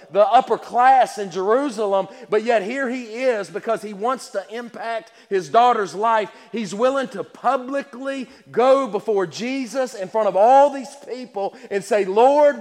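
Man, pastor, sermon, high voice, passionate, repeats himself, long hall reverb. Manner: passionate, repeats words, stammering restarts.

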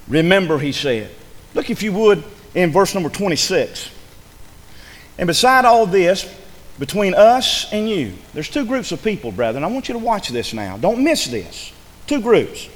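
Pastor, man, high-pitched and fiery, booming shouts dropping to near whispers, reverberant church hall. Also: very animated, moderate pace. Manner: fiery preaching, swinging from loud shouts to hushed lows. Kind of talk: sermon. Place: church sanctuary.

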